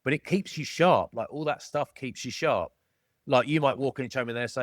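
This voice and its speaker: Man, middle-aged, matey podcast guest, mid pitch, dry close mic. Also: fairly quick, no echo. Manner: jokey, matey, calls people mate. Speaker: podcast guest, former rugby player. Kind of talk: casual storytelling chat.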